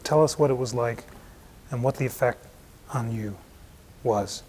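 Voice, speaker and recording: A man moderating an event, thanking the speaker and gently asking a guest to share her story. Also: mid-range voice, a little slow, slight background noise. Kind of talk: introducing and questioning a guest. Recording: faint background ambience.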